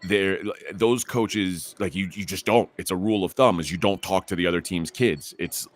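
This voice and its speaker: Deep-voiced and speaking at a moderate pace, a middle-aged podcast host tells a rambling story. He restarts again and again and grows heated as he goes.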